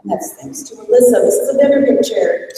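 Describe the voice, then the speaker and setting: A woman's voice: a little high, fast talker, vocal fry, far from the mic, very noisy. Woman thanking her team in an echoey hall. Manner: upbeat, reads off names and thank-yous. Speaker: outgoing leader of a librarians' network. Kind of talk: thanks and announcements at a conference breakfast. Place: large conference hall.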